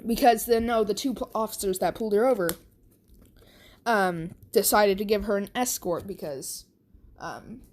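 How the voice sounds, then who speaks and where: A woman's voice: mid-range voice, moderate pace, a little mellow. A woman casually narrating a fan story, rambling with many fillers and restarts.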